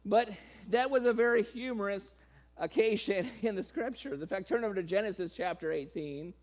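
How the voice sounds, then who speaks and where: A man preaching a sermon, laughing often and playfully acting out the people in his reading. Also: moderate pace. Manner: acts out quoted voices with sudden pitch jumps.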